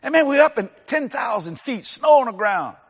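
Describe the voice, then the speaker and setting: A pastor preaching a sermon, his voice pitched very high and swinging widely as he tells folksy stories. He teases his congregation along the way. The sound carries a long hall reverb. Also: very animated, normal speed. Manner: folksy storytelling, teasing the congregation.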